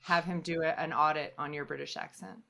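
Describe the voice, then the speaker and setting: A woman's voice: low-pitched, steady tone, a little fast, vocal fry, sharp tone. Enthusiastic woman podcast co-host. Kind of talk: casual chat.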